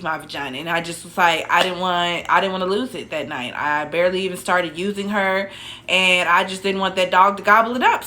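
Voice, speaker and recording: A woman's voice: medium pitch, pushed and bright. A young woman casually telling a personal story, rambling with restarts and asides.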